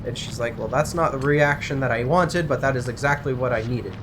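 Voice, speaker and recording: A man's voice: medium pitch, fairly quick, noisy background. A young man in casual chat, animatedly retelling a story with asides and swearing while gaming. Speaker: co-host.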